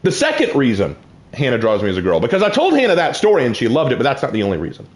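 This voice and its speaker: A young man casually telling personal stories while playing a game, with excited outbursts. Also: mid-range voice, rapid-fire. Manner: lively, shifts from calm to excited outbursts. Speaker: gaming channel host.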